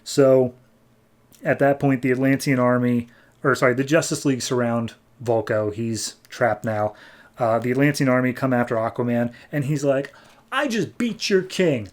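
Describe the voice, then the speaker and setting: A man in the middle pitch range, talking casually as a comic podcast host. He retells a story with lively bits of quoted dialogue before giving his verdict. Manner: animated retelling with quick quoted voices. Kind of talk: casual comic recap and review.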